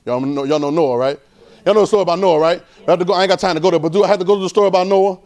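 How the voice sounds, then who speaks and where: Male preacher, high voice, chatty sermon delivery that teases and questions the crowd. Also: very fast. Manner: conversational preaching, quizzing the congregation, rising to a high excited pitch.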